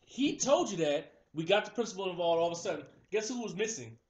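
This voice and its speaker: A young man in casual chat, telling a story in an animated way and acting out the people in it. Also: high voice, fast talker, reverberant. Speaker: host.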